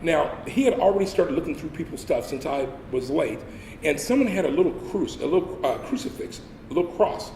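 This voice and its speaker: A man's voice: on the high side, lively intonation, a little fast, a little mellow, far from the mic, slight background noise. A man giving a humorous storytelling sermon as a guest speaker. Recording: echoey hall with faint ambience.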